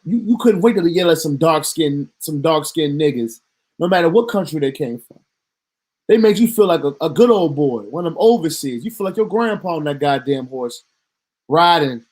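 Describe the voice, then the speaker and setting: A man's voice: on the high side, a little mellow, husky. A man delivering a heated commentary rant as a vlogger, talking in a profane, emphatic and indignant way.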